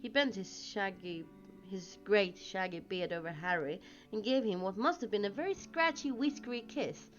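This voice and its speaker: A woman reading a novel aloud in an expressive way, with small slips, on a dull lo-fi recording with faint music. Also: medium pitch, normal speed. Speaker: reader.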